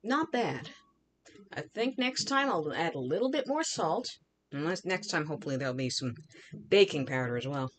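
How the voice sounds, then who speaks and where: Female livestream host, relaxed chatty delivery, talks while eating, faint noise behind. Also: low-pitched, normal speed. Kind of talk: casual live-stream chat.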